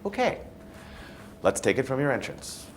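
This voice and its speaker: A man's voice: medium pitch, very animated, normal speed, slight background noise, lightly acted. A man directing a play read-through, coaxing and patiently strained, with faint music behind. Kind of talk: rehearsal direction.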